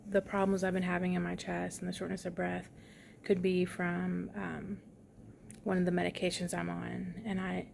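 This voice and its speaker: A woman's voice: fairly low pitch, monotone, normal speed, vocal fry, a little mellow, slight background noise. A young woman giving a casual vlog update from a hospital room, chatty and tired, with lots of fillers. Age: young adult. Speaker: vlogger.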